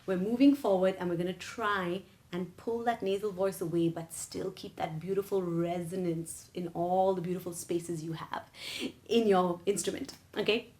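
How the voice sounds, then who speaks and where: In a vocal lesson, this singing teacher speaks at a normal speed in a fairly low, slightly mellow voice with fairly even intonation. She lays out explanations, asks "right?" and "okay?" to check understanding, and sings brief phrases as examples.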